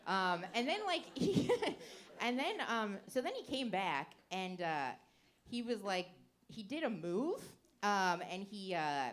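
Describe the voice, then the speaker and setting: A young woman performs a stand-up set into a handheld mic on a club stage. She rambles and giggles through her bits, padding them with filler words. Her pitch swings widely, rising and dropping all the time. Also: very animated, takes it slowly. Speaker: stand-up comedian.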